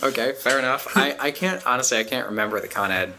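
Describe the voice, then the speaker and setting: A man's voice: medium pitch, fast talker, background noise. A man co-hosting a podcast in casual chat, wry and questioning, laughing often. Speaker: podcast co-host.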